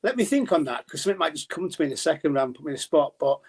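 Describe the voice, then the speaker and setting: A man's voice: a little high, very animated, rapid-fire, gravelly, breathy edge. Chatty, rambling man on a podcast. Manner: chatty, rambling with many restarts. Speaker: podcast guest, darts journalist. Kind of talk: casual podcast chat.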